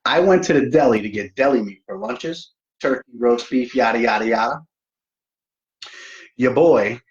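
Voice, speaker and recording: Here a middle-aged livestream host speaks at medium pitch, and the recording has its highs cut off. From his home he runs a relaxed stream, cracking self-deprecating jokes and talking directly to viewers.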